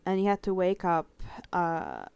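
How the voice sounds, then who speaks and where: A woman's voice: fairly low pitch, wildly swooping pitch, measured pace, vocal fry, a little mellow, clean tone, no echo, dull audio. A young woman chatting casually while she draws on a live art stream, rambling from story to story, swearing lightly and laughing often. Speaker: artist streaming a drawing session. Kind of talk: casual chat while drawing.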